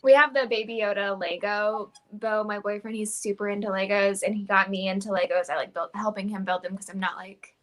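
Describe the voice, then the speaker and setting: A woman's voice: mid-range voice, steady tone, brisk, few pauses. A young woman guest in a casual interview, bubbly and laughing often as she chats. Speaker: guest musician.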